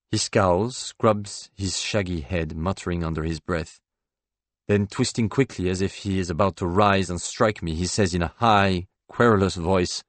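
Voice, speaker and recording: A man narrating a literary novel in the first person, measured and restrained. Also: low-pitched, fairly even intonation, no echo. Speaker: audiobook narrator.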